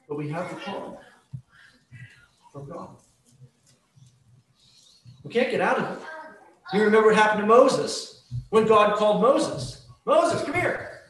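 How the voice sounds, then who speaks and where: A man preaching a conversational sermon, teaching with everyday examples and acted-out scenes. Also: sits high. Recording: echoey room, distant mic, faint noise.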